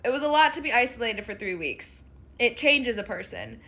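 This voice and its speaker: A woman's voice: on the high side, animated, normal speed, vocal fry, fairly bright tone. A woman and reality show contestant chatting casually in a bubbly, run-on storytelling way. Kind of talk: casual chat.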